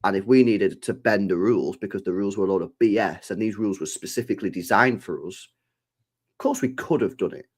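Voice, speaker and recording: Animated swearing football streamer, man. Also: on the low side. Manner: swears freely, animated, acts out imagined dialogue. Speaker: football channel host. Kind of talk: live stream football chat.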